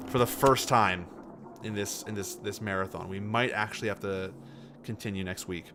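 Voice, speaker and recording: A man's voice: on the low side, steady tone, moderate pace, very noisy. A man livestreaming a detective game, chatting casually, laughing and quoting lines from the series. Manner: playful, quotes lines in silly voices, laughs often. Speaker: streamer playing a detective game.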